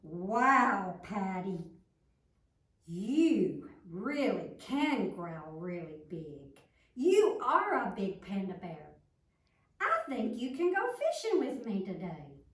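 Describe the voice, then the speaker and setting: Woman doing a teasing boy animal for a kids' story, slow, roomy and distant. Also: mid-range voice, very animated. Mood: admiring.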